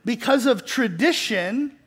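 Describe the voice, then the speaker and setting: A man's voice: very high-pitched, expressive, takes it slowly, a bit bright, husky. A middle-aged male pastor preaching a sermon in a conversational, self-deprecating way, with restarts and light laughs, building to earnest emphasis.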